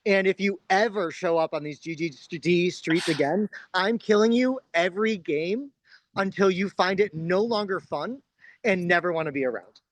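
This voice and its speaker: A man's voice: sits high, normal speed, no echo. A man on a group call, a contestant in an online game, talking in blunt, crude and profane banter.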